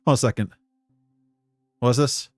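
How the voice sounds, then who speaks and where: A man's voice: medium pitch, normal speed, darkish tone, no echo, clean studio sound. A Scottish man giving casual live-stream commentary, rambling and profane, with many restarts.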